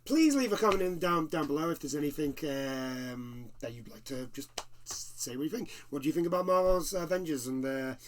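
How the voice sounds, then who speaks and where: Excitable man with a lively voice. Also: on the high side, brisk, slight background noise. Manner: excitable, swears casually. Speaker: co-host. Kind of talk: casual gaming chat.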